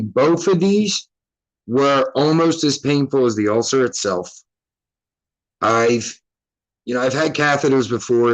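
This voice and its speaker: A man hosts his own show and tells a long personal story in a casual, rambling way. He curses freely and breaks off his sentences to start again. His voice sits at an ordinary middle pitch for a man. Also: creaky, low-quality recording. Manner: loose, rambling, profane and self-interrupting. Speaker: podcast host.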